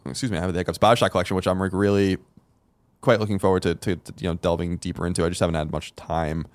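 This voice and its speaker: A man co-hosting a gaming podcast talks in a casual, rambling way, often restarting his sentences. His voice is low and smooth, and the studio mic sounds close and dry. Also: fairly even intonation, fast talker, no echo. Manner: rambling, hesitant, many restarts and fillers. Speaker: podcast co-host. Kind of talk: casual chat.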